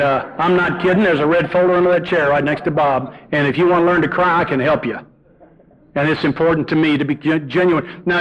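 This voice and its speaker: Earnest middle-aged man sharing his story. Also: mid-range voice. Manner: earnest, confessional, banters with the audience. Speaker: speaker at a recovery meeting. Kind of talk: personal testimony talk to a live audience. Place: meeting room before an audience. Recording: dull lo-fi tape recording.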